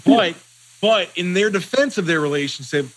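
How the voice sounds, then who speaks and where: A man's voice: sits high, animated, moderate pace, a bit bright, poor audio. A man hosting a casual podcast chat, joking with his co-hosts and wrapping up the show. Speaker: podcast host.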